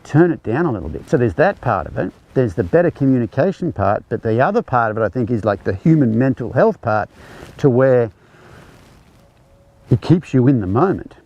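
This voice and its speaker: A man with a gravelly, mid-pitched voice runs a horsemanship clinic, talking through each step while he demonstrates. The sound is dull and lo-fi, like a livestream from an outdoor ranch arena. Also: sing-song, normal speed, a little mellow. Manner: explains conversationally, demonstrating as he speaks. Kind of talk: live teaching demonstration.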